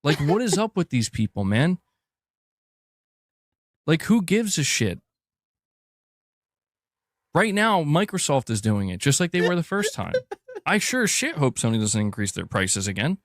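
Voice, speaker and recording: A man's voice: on the high side, big pitch swings, a little slow, pauses often, dry recording, studio quality. A man on a gaming podcast, exasperated and dismissive as he gives his opinion. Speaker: gaming podcaster in a played clip.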